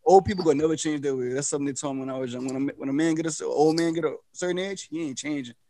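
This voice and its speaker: Fast-talking high-voiced man telling a story. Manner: animated, rapid storyteller. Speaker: podcast co-host. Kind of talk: casual podcast storytelling.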